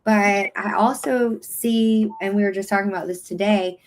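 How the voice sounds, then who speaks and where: A woman's voice: mid-range voice, steady tone, normal speed. Reflective woman in casual chat. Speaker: podcast co-host.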